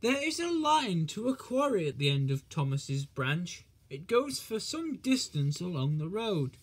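A man reading a children's storybook aloud in a gentle, measured way. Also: high voice, sing-song, breathy edge.

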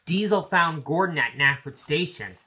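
A man's voice: a little high, expressive, moderate pace, background noise. A man casually narrating a toy-train story, correcting himself and adding playful asides.

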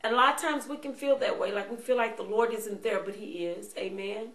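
Woman pastor, mid-pitched voice, preaching a sermon with frequent amens, roomy echo. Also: brisk, a bit bright. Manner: reads scripture then paraphrases with frequent amens.

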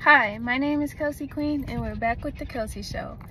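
A young woman with a slightly high voice chats to her camera in a slangy, animated way. She talks from inside a parked car. A dog pants steadily behind her, and the recording has clear background noise. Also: moderate pace. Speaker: vlogger. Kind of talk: casual vlog chat. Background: dog panting.

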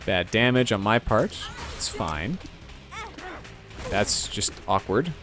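This let's play commentator speaks slowly over music, his fairly low voice lively in intonation. His gameplay talk is loose and rambling, full of self-mockery, sound effects, and joke impressions.

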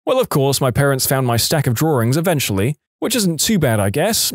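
A man narrating online stories for a podcast with an expressive storytelling delivery, recorded close on a studio mic. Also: mid-range voice, dry recording. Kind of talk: reading online stories aloud.

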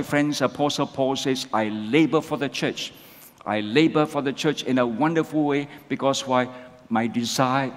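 A male pastor preaching a sermon, asking the congregation rhetorical questions and tagging lines with "isn't it?". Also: medium pitch. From Malaysia. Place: church sanctuary. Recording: long church hall reverb.

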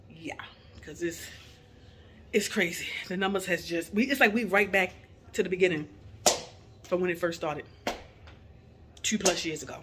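A woman's voice: lowish voice, normal speed, pauses often, fairly bright tone, slight background noise. A woman in her forties, a mother, chatting casually to viewers from her home kitchen and calling them y'all. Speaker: vlogger, mother of two. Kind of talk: casual home vlog chat.

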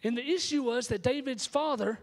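Male pastor with a high voice, emphatic storytelling sermon in a church sanctuary. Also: brisk.

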